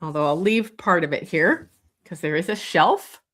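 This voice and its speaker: A woman leading a live drawing lesson, talking slowly and thinking aloud as she sketches, with many pauses and fillers. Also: lowish voice, a bit bright. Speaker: drawing instructor. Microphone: streaming setup.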